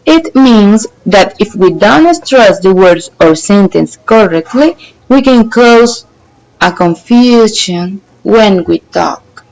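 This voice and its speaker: A young woman whose first language is Spanish, giving a student presentation on intonation, slow and careful with many pauses. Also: mid-range voice, expressive, darkish tone, poor audio. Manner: slow, careful, pausing often.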